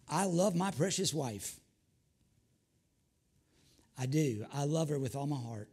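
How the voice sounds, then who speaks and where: Older preacher guy, fired up, lots of hallelujahs and folksy jokes, voice on the high side. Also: lively intonation, slow pace, long pauses, darkish tone, breathy edge. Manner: fervent preaching with repeated hallelujahs, folksy asides. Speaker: pastor. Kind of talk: sermon.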